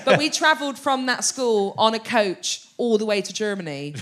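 A woman's voice: fairly high pitch, big pitch swings, normal speed, crowd noise. Brash Bristol woman in her thirties. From Bristol, England. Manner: brash, swears, loud and laughing. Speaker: comedian guest. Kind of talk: comedy interview chat.

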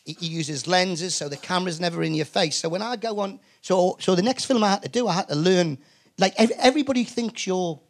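A man's voice: high-pitched, a little fast. A man with a Geordie accent, a comedian and actor, telling rambling, swear-filled anecdotes as a guest. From Newcastle, England. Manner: animated storyteller, swears freely, many restarts. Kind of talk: anecdotal chat before a live audience.

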